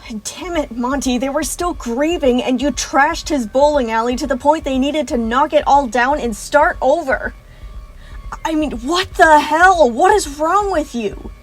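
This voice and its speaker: A woman's voice: fairly high pitch, measured pace, slightly rough. Woman voicing a sneering cruel tormentor. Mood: scolding. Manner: sneering, scolding, contemptuous. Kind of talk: fan audiobook reading.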